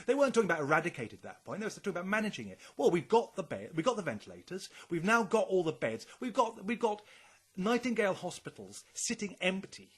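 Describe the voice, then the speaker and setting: Man, casual podcast chat, swears, speculative, lively pitch, slightly high. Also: fast talker, slightly rough. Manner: rambling, speculative, swears a lot. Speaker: podcast co-host.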